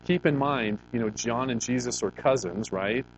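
Middle-aged male pastor, expressive sermon delivery, mid-pitched voice, faint hum in the recording. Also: moderate pace, poor audio. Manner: expressive preaching, reads scripture aloud, rhetorical questions.

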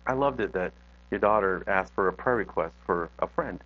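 A man's voice: deep voice, normal speed. A male pastor giving a conversational sermon in a church, talking directly to his congregation, in a dull lo-fi recording.

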